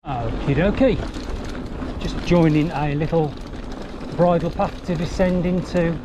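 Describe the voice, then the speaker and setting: A man's voice: on the high side, slow pace, noisy background. Chatty man riding trails. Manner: chatty, breezy, swears lightly. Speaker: mountain bike vlogger. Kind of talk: casual vlog commentary while riding. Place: outdoors on a bike trail.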